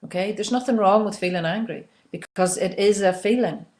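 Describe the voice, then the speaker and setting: A woman coaching listeners through an emotional tapping exercise, often checking in with "okay?" and leading them in slow breathing and softly repeated release phrases. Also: medium pitch. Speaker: self-help coach. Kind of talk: guided instructional talk on emotional tapping.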